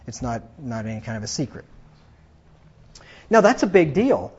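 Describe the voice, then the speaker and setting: A man's voice: high voice, darkish tone, husky, dull audio. A man preaching a sermon from the pulpit, emphatic and combative, often repeating himself for force. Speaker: pastor.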